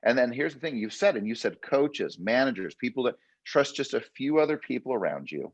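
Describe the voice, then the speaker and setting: A man's voice: medium pitch, very animated, brisk, slightly rough, no room sound, lo-fi sound. A man hosting a real estate training session, coaching with emphatic, repetitive punchy phrases. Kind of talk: motivational coaching talk.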